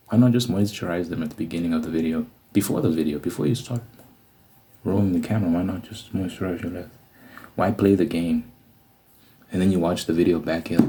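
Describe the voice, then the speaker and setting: A man in whispered role-play as an ASMR creator, running a mock eye test and rambling jokily between whispers and soft talk. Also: low voice, a little fast, a little hiss or hum.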